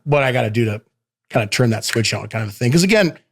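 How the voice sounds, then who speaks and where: A man's voice: mid-range voice, expressive, fast talker. A man being interviewed in a casual sit-down chat. He talks in a rowdy, loose way, laughs often, swears freely and calls the host "babe". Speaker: professional wrestler guest. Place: interview studio.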